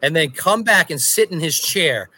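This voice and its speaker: A man's voice: a little high, lively intonation, normal speed, bright, forceful tone, no echo. A man co-hosting a podcast, telling a story in a profane, ranting casual chat. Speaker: podcast co-host.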